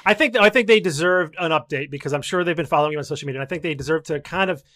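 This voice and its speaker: A man co-hosting a podcast, chatting casually and teasing his co-host with quick interjections. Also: on the high side, fairly bright tone, no echo. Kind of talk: casual chat.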